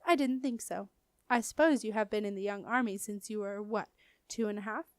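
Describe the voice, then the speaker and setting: A woman reading a storybook and voicing a stern but proud female wizard who speaks crisply and commandingly. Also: mid-range voice, fairly quick, no echo, studio quality, lightly acted. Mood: probing.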